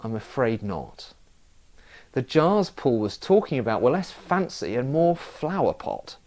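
A man's voice: medium pitch, sing-song, unhurried, a little mellow. A man preaching a sermon, telling stories with self-mocking humour.

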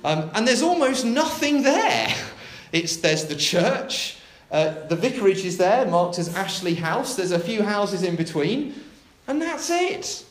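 A minister delivering a sermon in a lively, dramatic style, pitched fairly high with wide swoops. The church room echoes around him. A faint hiss and clicks sit underneath. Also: male voice. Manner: expressive, dramatic delivery with big pauses.

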